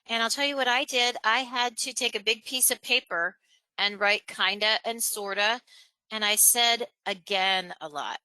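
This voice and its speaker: A woman presenting a live webinar on speaking skills, animated and chatty, acting out examples. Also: no echo, low-quality recording. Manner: animated, acts out examples in a higher voice, laughs between points. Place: online webinar, home or office.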